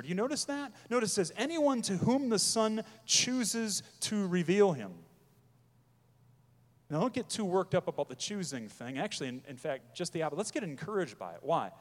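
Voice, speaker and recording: A man preaching a sermon as pastor, emphatic, pressing his points hard and then dropping his voice low. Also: long reverb tail.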